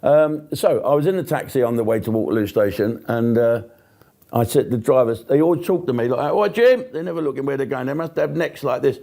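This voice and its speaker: An older man from Britain delivers a profane, mocking rant with a comedian's timing. His voice sits mellow and dark, never sharp, and he leans on sarcasm and swearing to make his points. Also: mid-range voice, a little fast, creaky. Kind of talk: profane stand-up style rant.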